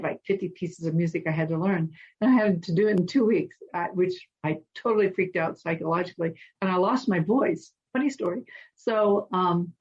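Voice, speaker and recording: A woman guest in an interview, telling animated stories and acting out the voices of people in them. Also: on the low side, muffled recording. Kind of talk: storytelling in an interview.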